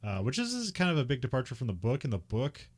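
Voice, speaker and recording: A man's voice: mid-range voice, huge pitch swings, fast. A man co-hosting a podcast, recapping a film in casual chat, rambling with lots of fillers and little laughs. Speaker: podcast co-host.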